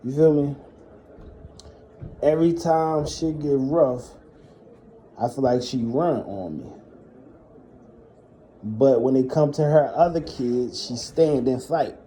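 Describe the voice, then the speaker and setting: A man's voice: mid-range voice, slow pace, pauses often, warm tone, a little hiss or hum. A man telling personal stories in a casual monologue, blunt and heavily profane as he vents. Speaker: storyteller.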